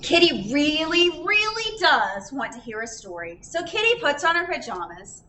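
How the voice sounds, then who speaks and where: A woman's voice: high-pitched, bright, forceful tone, a little hiss or hum. A woman reading a picture book aloud at a library storytime, sing-song and full of questions for the children. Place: library room. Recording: roomy echo.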